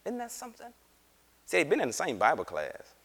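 A man teaching a Bible class, animated and acting out the scripture characters as he reads. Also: fairly high pitch, brisk, husky. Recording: reverberant room.

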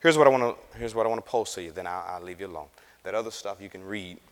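A man teaching a Bible class, animated and acting out the scripture characters as he reads. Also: sits low, fast. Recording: reverberant room.

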